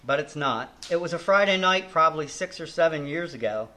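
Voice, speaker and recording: A man's voice: on the high side, lively intonation, brisk, pushed and bright. An older man preaching a sermon in an earnest, reflective way, often restarting and letting his line endings fall.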